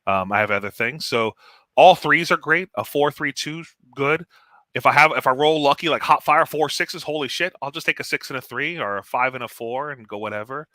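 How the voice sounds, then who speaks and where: A man talking tabletop strategy as a guest, animated and blunt, laughing often. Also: medium pitch, a little fast, dry recording. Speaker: guest tournament player. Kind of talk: casual gaming strategy chat.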